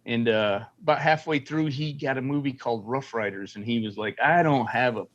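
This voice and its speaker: A man's voice: medium pitch, fairly quick, fairly bright tone, dull audio. A middle-aged man, a former Marine, telling war stories in a casual, profane way and acting out quotes. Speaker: guest, former Marine and film military advisor. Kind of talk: casual storytelling interview.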